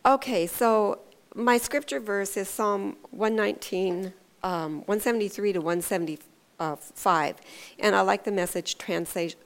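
A woman giving an informal devotional sermon, talking earnestly and conversationally, with hesitant restarts and lively storytelling. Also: mid-range voice, unhurried, clear, resonant tone. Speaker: devotional speaker.

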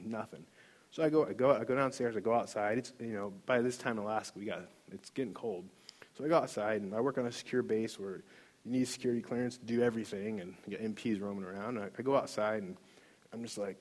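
Middle-aged man, husky voice, earnest heartfelt testimony at a church workshop, stumbles and restarts. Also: mid-range voice, fast talker. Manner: earnest, emotional storytelling with many restarts. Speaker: workshop leader. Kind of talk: personal testimony.

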